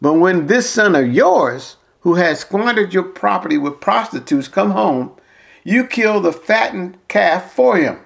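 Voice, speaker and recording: A man's voice: high-pitched, lively intonation, unhurried, vocal fry, exaggerated voice. A man reading out the complaint of a resentful older brother while preaching a sermon. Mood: bitter. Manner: complaining, bitter.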